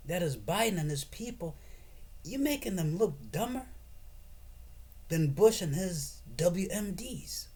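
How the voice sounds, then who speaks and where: A man's voice: high voice, big pitch swings, slow, long pauses, darkish tone, breathy edge. A man giving a profane, sarcastic and rambling political rant as a commentator.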